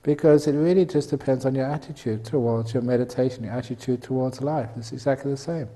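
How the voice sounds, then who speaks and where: A man's voice: mid-range voice, fast talker, warm tone, big-room sound. An older man giving a humorous dharma talk at a meditation retreat, joking and laughing often at his own lines. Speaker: meditation teacher.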